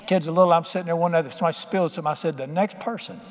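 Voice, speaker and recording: Middle-aged male preacher, folksy emphatic storyteller, slightly higher voice, reverberant hall. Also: flat delivery, racing. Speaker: pastor. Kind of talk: sermon.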